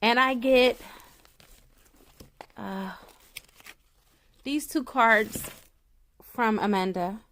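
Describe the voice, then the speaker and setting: A woman with a fairly high voice chats straight to her viewers as a tarot reader. She gushes and gets emotional, close to tears. Her talk swings from soft and low to loud and excited. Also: very slow, long pauses. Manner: emotional, gushing, near tears. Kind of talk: casual chat to viewers.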